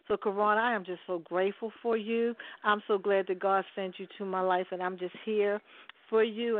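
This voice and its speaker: A woman's voice: mid-range voice, no echo. Woman caller, middle-aged, fervent church encouragement, dry phone sound. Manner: warm, repetitive, preacher-like encouragement. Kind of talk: heartfelt call-in testimony. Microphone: telephone. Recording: dry tinny phone line.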